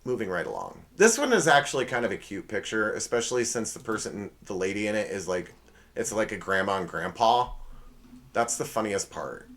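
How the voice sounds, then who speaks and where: A male podcast host who rolls through a comic monologue in a casual, rambling way. His pitch swings widely as he jokes, dropping sarcastic asides and correcting himself as he goes. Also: very animated, fairly quick, a bit bright.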